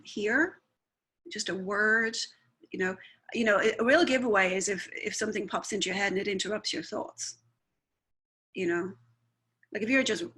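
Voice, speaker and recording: A woman's voice: mid-range voice, fairly bright tone. A woman who works as a spiritualist medium, talking in a chatty, rambling way and often checking with "right?". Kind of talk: conversational talk.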